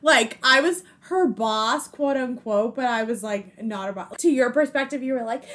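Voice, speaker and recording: A woman with a high, bright-pitched voice chats casually with a friend. She tells stories with lively energy and acts out what others said. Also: normal speed. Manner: animated storyteller who acts out quotes. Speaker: podcast co-host, former boss. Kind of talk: casual chat.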